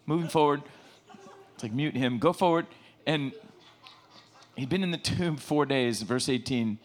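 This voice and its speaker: A middle-aged man preaching a casual sermon, lively and joking, retelling scripture in everyday slang. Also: mid-range voice, a little slow, pauses often.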